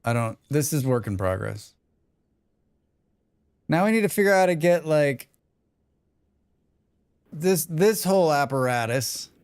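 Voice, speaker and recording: A man's voice: on the high side, lively intonation, unhurried, long pauses, clean tone, no echo. A man streaming a game live, chatting casually with viewers and talking to himself as he plays, rambling and swearing freely. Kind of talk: casual live-stream chat while playing.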